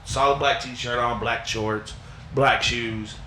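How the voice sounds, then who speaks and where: A man's voice: medium pitch, slow pace, slight background noise. A man co-hosting a podcast, casually telling a story with lots of swearing and acted-out quotes. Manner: profane, animated storyteller, acts out quotes. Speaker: podcast co-host. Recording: echoey room.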